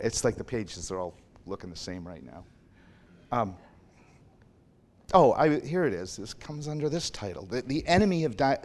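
A man pastor preaching a sermon in a church in a loose, conversational way, stopping to question the congregation and laughing at himself. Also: medium pitch. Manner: conversational, rambling, self-deprecating, quizzes the congregation. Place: church sanctuary.

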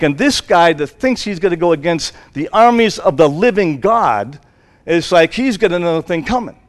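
Male preacher, slightly higher voice, loose conversational sermon with lots of fillers. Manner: rambling and conversational, many fillers, acts out quotes. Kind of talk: informal sermon retelling a Bible story.

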